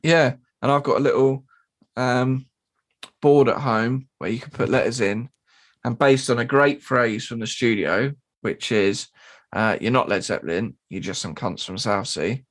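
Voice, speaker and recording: A man co-hosting a podcast, telling a gig story in casual chat, swearing and mimicking people in high squeaky voices. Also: a little slow. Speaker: podcast co-host and drummer.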